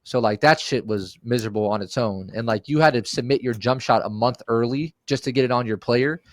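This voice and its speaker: A man's voice: medium pitch, brisk, dry recording. A man on a podcast telling a rowdy, profane story in casual chat and acting out the quotes. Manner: animated, profane, acts out quotes.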